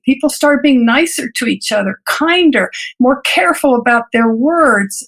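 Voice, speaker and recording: A woman physician telling her personal story in an interview, earnest and reflective, with halting restarts and light laughs between thoughts. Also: on the high side. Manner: halting restarts and repeated words. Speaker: physician guest.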